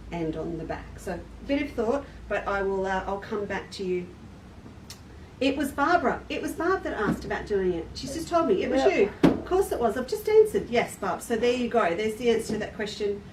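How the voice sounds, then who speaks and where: A woman's voice: mid-range voice, darkish tone, distant mic. A chatty, self-deprecating woman runs a casual live demonstration. She sounds set back from the mic in a roomy, echoey space. A faint hiss of background noise sits behind her voice. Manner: chatty, friendly, laughs at herself. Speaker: quilt shop owner hosting a live stream.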